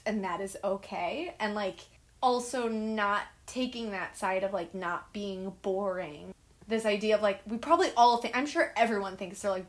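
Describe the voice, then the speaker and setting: Young woman, middle voice, heartfelt and self-mocking, chatting on a video call. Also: medium pitch. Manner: emotional, earnest, self-deprecating. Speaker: guest, writer and director. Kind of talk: casual video-call chat. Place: at home.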